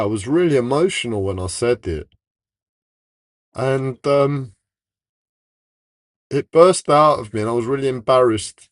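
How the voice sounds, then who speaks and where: A man's voice: mid-range voice, no room sound. A man telling a personal story in a rambling, emotional way, often stopping and restarting himself. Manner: emotional, rambling, self-interrupting. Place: home, livestream.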